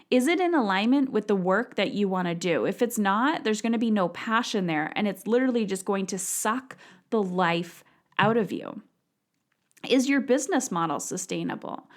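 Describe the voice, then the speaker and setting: Woman, thirties, podcast host, blunt, emphatic, swears freely, solo monologue. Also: medium pitch.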